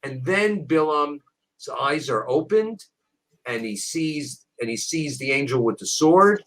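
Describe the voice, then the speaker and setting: A man, a rabbi, teaching a Bible passage in conversation, animated, repeating words as he restarts. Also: on the high side, unhurried, poor audio. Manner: animated storyteller with frequent restarts.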